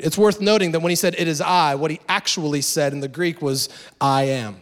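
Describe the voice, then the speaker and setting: High-voiced man preaching a lively sermon. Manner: animated, conversational preaching with dramatic pauses. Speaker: pastor.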